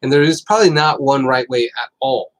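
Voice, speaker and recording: A middle-aged man hosts a casual health chat, rambling through stories with many fillers. His voice sits at an ordinary mid pitch. He gets lively when he tells a story. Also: a little fast, rough recording. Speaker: host.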